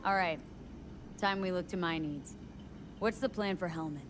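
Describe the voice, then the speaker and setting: An actress voicing a blunt, wry young female mercenary in a video game, speaking in a low, clipped way. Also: moderate pace, lightly acted. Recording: game audio under noise.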